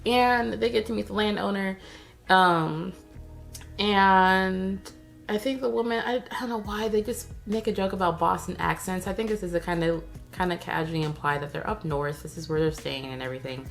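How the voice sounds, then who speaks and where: A woman's voice: mid-range voice, fairly even intonation, normal speed, gravelly, soft background music. A woman giving a casual, sarcastic recap of a TV episode, chatty and full of slang. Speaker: TV recap vlogger.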